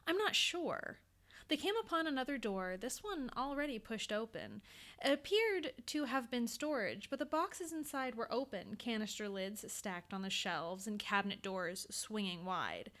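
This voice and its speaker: A woman narrating a spooky fiction episode in a measured, suspenseful storytelling manner. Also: a little high, animated, a bit bright.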